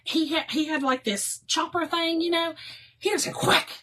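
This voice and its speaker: High bright-voiced woman storyteller. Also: moderate pace, low-quality recording. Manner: animated storyteller, laughs often, acts out quotes. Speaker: crafting livestream host. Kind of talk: casual storytelling chat to viewers.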